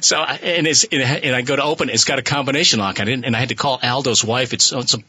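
Husky-voiced man telling a road story. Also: mid-range voice, fast talker. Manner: animated anecdote teller, laughing as he goes. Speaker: musician guest. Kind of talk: storytelling on radio.

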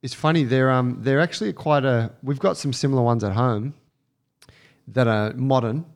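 A man joins a casual chat, chiming in eagerly with praise and quick jokes. His voice sits at a middle pitch. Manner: enthusiastic, chiming in with praise and quips.

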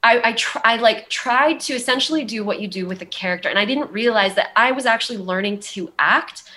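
A woman's voice: fairly high pitch, a little fast, bright, forceful tone. A young woman with a Valley girl accent, telling her story in a rambling, candid way, full of "like" and "um". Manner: rambling, heavy use of "like" and "um". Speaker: guest.

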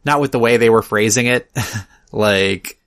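A man's voice: on the low side, a little slow, a bit bright, clean tone. A man co-hosting a podcast, talking in a casual, dry, joking way. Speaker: podcast co-host. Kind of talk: casual chat.

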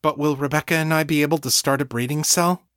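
Raised high and sharp, an outraged young psychic healer , as a male narrator voices him shouts his protests in an audiobook. Close, dry sound. The delivery is indignant. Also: steady tone, quick pace, no room sound, lightly acted. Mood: subdued.

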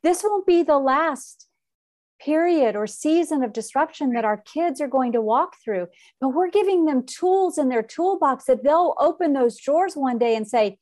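A middle-aged woman, speaking as a podcast guest. Her voice sits a little high, and she tells a personal story with emotion, acting out the lines other people said. The delivery is conversational and lively. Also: normal speed.

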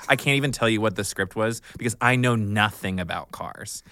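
A man, an actor, telling an anecdote on a podcast, animated, often chuckling, and acting out the voices in his story. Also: mid-range voice, a little fast, no room sound. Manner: chuckles often while he talks. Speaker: actor guest.

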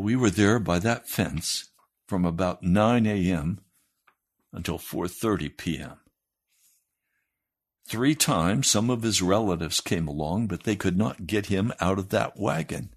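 Pastor telling a dramatic story. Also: male voice, low voice, expressive, a little slow, husky. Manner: dramatic storytelling, raising his voice for quotes. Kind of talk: sermon story reading.

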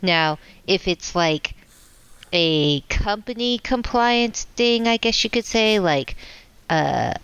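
A woman's voice: medium pitch, expressive, slow, fairly bright tone, clear, resonant tone, no room sound. A woman co-hosting a casual podcast, hesitant and searching for her words.

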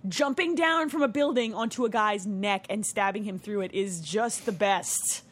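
A woman co-hosting a podcast, chatting casually about video games in a quick, animated way and swearing freely. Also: mid-range voice. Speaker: podcast co-host.

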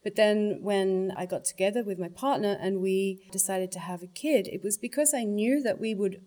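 A woman's voice: mid-range voice, normal speed, mellow. A woman, speaking thoughtfully and earnestly in a personal interview. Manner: thoughtful, earnest, politically articulate.

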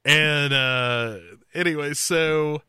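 Bright-voiced man in casual chat. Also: fairly high pitch, very slow, clean tone, dry recording, clean studio sound. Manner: loose and profane, with frequent fillers. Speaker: podcast host recapping a TV series.

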